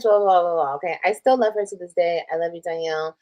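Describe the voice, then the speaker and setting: This Texan streamer's voice is lowish, quick and dark as she retells a personal drama on a casual livestream. She reads old texts aloud, reacts while scrolling and swears freely.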